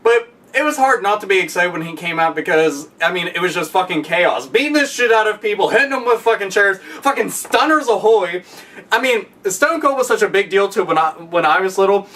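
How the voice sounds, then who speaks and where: A man ranting casually and profanely, excitable, often breaking into loud shouted impressions. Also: high-pitched, a little fast, distant mic. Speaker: podcast guest.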